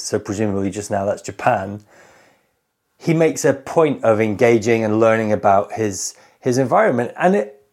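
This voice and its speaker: Football podcast host, mid pitched, asks long thoughtful questions. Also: male voice, a little mellow. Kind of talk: interview questions.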